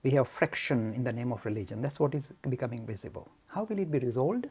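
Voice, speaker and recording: A man from India gives a frank, forceful lecture on Hinduism to students. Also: medium pitch, quick pace, husky. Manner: forceful, frank, animated, mock-arrogant.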